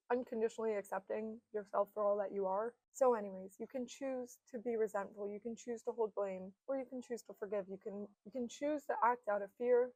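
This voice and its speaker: A young woman in her twenties talks straight to the camera in a candid, heartfelt monologue, her voice a touch high and very dry, with the room barely there. She speaks earnestly and drops the odd casual swear, sometimes close to tears. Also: darkish tone, dry recording, rough recording. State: emotional, near tears at times. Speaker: self-help vlogger. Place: indoors, seated in front of a camera.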